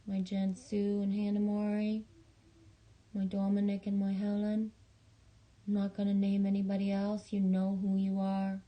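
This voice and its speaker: Halting, rambling woman livestreamer. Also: medium pitch, monotone, dark tone. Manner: halting, rambling, with many restarts and swearing; affectionate, talking straight to viewers. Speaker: livestream host. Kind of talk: casual livestream chat reading viewer messages.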